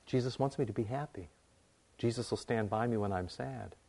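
A man's voice: medium pitch, moderate pace, vocal fry, warm tone. A male pastor preaching a sermon in a conversational way, building to emphatic repeated phrases.

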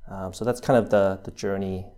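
A man's voice: sits low, steady tone, fairly quick, warm tone. A man in his thirties with an American accent, talking through his background in an interview, hesitant, with many fillers and restarts. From New Zealand. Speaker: interview guest. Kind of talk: casual interview.

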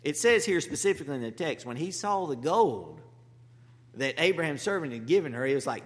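A man's voice: medium pitch, sing-song, normal speed. A man, a pastor, preaching a sermon with humorous, conversational storytelling. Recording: long hall reverb.

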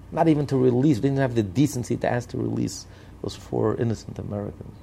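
Male commentator, gravelly, mellow-toned, insistent repetitive delivery. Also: mid-range voice, fast talker, slight background noise. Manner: emphatic, repetitive rhetorical lists. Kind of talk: impassioned political commentary.

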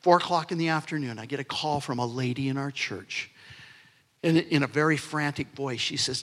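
A man's voice: mid-range voice, moderate pace, a bit bright. A man in his sixties preaching a sermon as pastor, earnest, swelling into emphasis and dropping to near-whispers. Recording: long hall reverb.

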